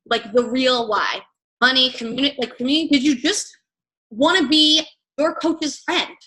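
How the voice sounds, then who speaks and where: A woman's voice: sits high, a little slow, bright, forceful tone, rough recording. A young woman leading a team training call as coach, chatty and blunt, swearing freely and filling her talk with "like" and "right?".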